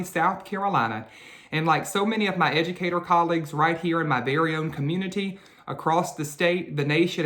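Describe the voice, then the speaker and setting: A man's voice: a little high, a bit bright. A man, a teacher, hosting a nightly children's read-aloud with a formal, earnest welcome and long flowing sentences.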